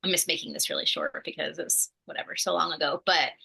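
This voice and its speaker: A young woman co-hosting a podcast, chatting in a relaxed way with lots of fillers and some laughs. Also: sits low, quick pace, vocal fry, breathy edge. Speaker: podcast co-host, mother of two. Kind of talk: casual chat.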